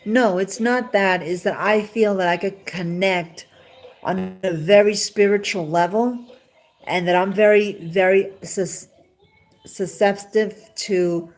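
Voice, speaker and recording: A woman's voice: mid-range voice, fairly even intonation, measured pace. A woman chatting casually on a live stream, talking straight to a viewer and asking the same questions again and again in a rambling, emotional way.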